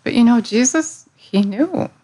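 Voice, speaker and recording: A woman's voice: fairly high pitch, expressive, a little slow, dark tone, husky. A woman giving an earnest, conversational devotional talk, often restarting her sentences. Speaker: devotional speaker. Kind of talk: casual spoken devotional.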